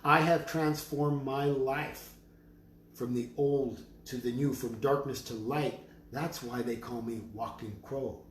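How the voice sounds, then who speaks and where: Guy selling drums live, slow prayerful talk and chants, echoey studio, a little hiss. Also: mid-range voice, fairly even intonation. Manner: slow, prayerful, emphatic declarations with chanted words. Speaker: drum maker selling drums on a live stream. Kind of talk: live sales stream with spiritual talk. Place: studio full of drums and rattles. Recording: roomy studio with faint noise.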